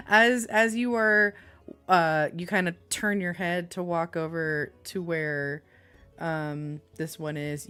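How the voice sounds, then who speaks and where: A woman's voice: low-pitched, fairly bright tone, clean tone. A woman running a tabletop game as game master, narrating in a rambling, giggly way full of fillers.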